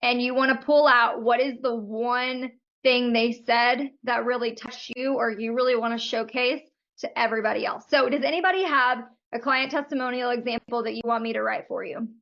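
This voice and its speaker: A woman's voice: on the high side, fairly even intonation, normal speed, a bit bright, dull audio. A woman coaching photographers on a live video call, talking in a friendly, frank and chatty way.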